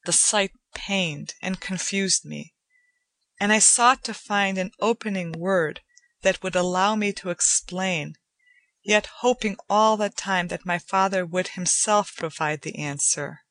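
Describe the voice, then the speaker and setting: A woman giving a measured, deliberate audiobook narration of a story. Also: mid-range voice, fairly bright tone, dry recording. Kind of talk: scripted narration.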